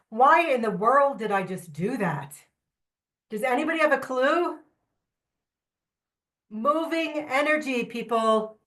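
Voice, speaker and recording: A woman trainer giving a lively, candid workshop talk to a live audience, with joking asides and questions to the room. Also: sits high, takes it slowly, long pauses. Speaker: trainer presenting at a symposium.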